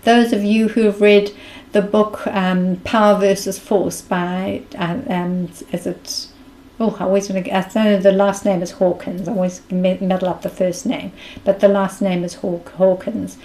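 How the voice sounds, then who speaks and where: A woman's voice: medium pitch, flat delivery, moderate pace, mellow, a little hiss or hum, low-quality recording. A woman with a South African accent giving a reflective mindfulness talk as a spiritual speaker, earnest and thinking aloud.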